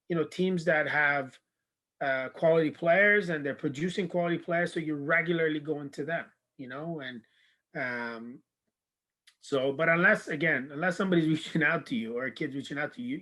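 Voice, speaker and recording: Animated, bright-voiced coach telling stories. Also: male voice, on the high side, moderate pace, rough recording. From Canada. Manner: animated storyteller, acts out quoted dialogue. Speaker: university soccer coach. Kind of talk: casual video-call interview.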